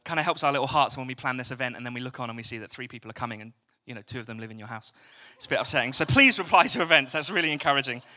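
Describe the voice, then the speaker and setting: A man's voice: mid-range voice, rapid-fire, hardly any pauses, bright, forceful tone. A young English man preaching a chatty evening church sermon, joking and asking the congregation questions. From England. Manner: chatty, jokey, asks the crowd questions. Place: church hall.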